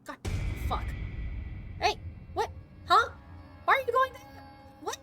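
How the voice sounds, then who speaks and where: A woman streaming a game live, chatty and excitable, swearing often and talking to her chat. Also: extremely high pitch, takes it slowly, soft background music. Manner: excitable reactions, sudden outbursts. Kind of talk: live gaming commentary.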